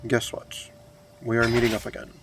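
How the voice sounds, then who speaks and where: A man's voice: mid-range voice, monotone, normal speed, background noise. Wry man playing a medieval ruler. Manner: wry, speaks as his medieval ruler, reads event text aloud. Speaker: game streamer. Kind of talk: strategy game playthrough, in-character commentary.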